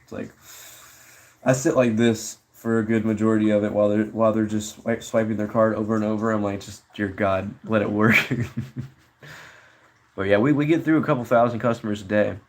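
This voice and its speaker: A man's voice: lowish voice, fairly even intonation, brisk, pauses often, darkish tone, a little hiss or hum. A young man casually chatting on a live stream, reading chat messages aloud and answering them in a laid-back way.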